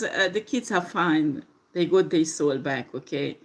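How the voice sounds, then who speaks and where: Slow, low-voiced woman doing a tarot reading. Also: expressive. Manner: slow, hesitant, many fillers. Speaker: tarot reader. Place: home with a dishwasher running.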